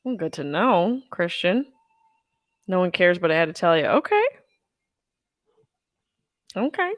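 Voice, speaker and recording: A woman's voice: fairly low pitch, lively intonation, moderate pace, dry recording. A woman in her thirties hosting a live movie watch-along from home, rambling and joking with crude humor while stoned. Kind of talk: casual live-stream chat. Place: house, at home.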